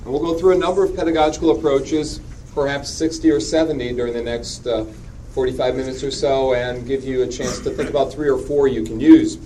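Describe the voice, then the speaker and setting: A middle-aged man giving a conference keynote in a hall, animated and joking with quick asides. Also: medium pitch. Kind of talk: conference presentation. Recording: distant mic with steady background hiss.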